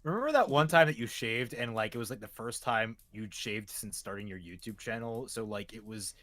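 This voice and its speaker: A man's voice: lowish voice, animated, brisk, fairly bright tone, no echo. A man co-hosting a casual online show, rambling through old stories. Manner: rambling storyteller, trails off with laughs. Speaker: podcast co-host. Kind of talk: casual chat.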